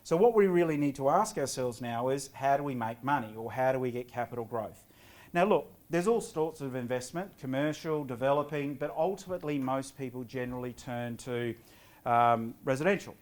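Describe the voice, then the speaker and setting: Middle-aged male presenter, energetic seminar speaker who quizzes the crowd, mid pitch. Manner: energetic, quizzes the audience with quick questions. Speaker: property investment presenter. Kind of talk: seminar talk to a live audience.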